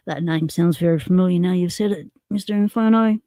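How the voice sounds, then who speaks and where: A woman of ordinary pitch hosts a relaxed live stream, thinking aloud as she fiddles with small parts. Her talk is chatty and conversational, answering viewers as she goes. The sound is dry and close, with little room echo. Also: normal speed, hardly any pauses. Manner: chatty, narrating while tinkering, reading chat aloud. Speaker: livestream host. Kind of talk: casual live stream chat.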